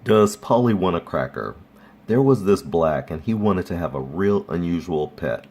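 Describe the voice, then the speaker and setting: A man casually reading folk tales aloud, relaxed and chuckling at his own jokes. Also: low voice, moderate pace, slightly rough. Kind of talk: casual read-aloud storytelling.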